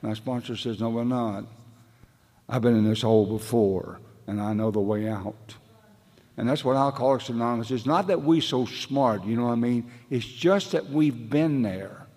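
A man's voice: medium pitch, normal speed, darkish tone. A man with an ordinary, mid-range voice tells stories at a recovery meeting. He rambles in a folksy, casual way, with loose grammar. His voice rings with the long reverb of a meeting hall. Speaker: speaker sharing at a recovery meeting. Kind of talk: storytelling share at a meeting.

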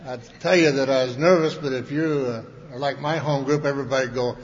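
A man's voice: medium pitch, steady tone, fairly quick, slight background noise. A man telling his story at a recovery meeting, folksy and joking, with lots of restarts. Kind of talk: speech to a large audience. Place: large meeting hall with audience. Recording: dull hall recording with long reverb.

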